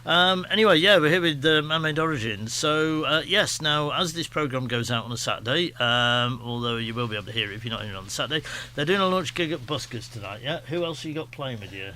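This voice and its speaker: A man's voice: a little high, fast talker, few pauses, pushed and bright. A man with a Staffordshire accent hosting a radio show, chatting in a rambling, self-deprecating way with lots of restarts. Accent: Staffordshire English. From England, Stafford. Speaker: radio host. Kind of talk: casual radio chat. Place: radio studio.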